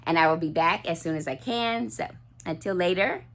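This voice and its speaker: A woman with a low-pitched voice chats to camera in a relaxed vlog. She gushes warmly about small things and wanders through fillers and false starts. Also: moderate pace. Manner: chatty, gushing, many fillers and restarts. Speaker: doll collector vlogger. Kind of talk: casual chat.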